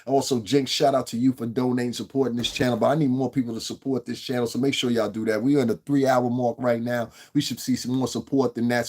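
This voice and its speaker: A man hosting a livestream, rambling and animated, with frequent profanity. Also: lowish voice. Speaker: livestream host. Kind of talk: livestream commentary.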